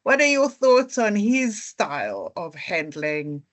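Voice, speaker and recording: A podcast co-host puts questions to a guest in an upbeat, conversational manner. The voice sits at an ordinary middle pitch. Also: wildly swooping pitch, slow, fairly bright tone.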